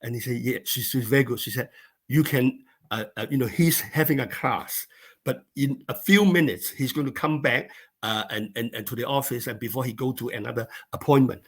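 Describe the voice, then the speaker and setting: A middle-aged man originally from China shares a personal story as an interview guest, using many fillers and repeating words. His mid-range voice is slightly quick and a bit bright, with a breathy edge.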